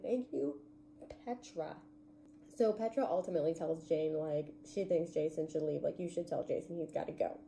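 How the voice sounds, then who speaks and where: A woman's voice: on the low side, vocal fry, dark tone, a little hiss or hum. Chatty woman recapping a TV episode. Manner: chatty, gushing, heavy use of "like". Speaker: TV recap vlogger.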